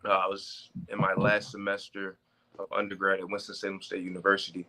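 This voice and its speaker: A man's voice: low voice, monotone, fairly quick, pushed and bright. A man in his twenties, a professional wrestler being interviewed, talking casually and stressing words for emphasis.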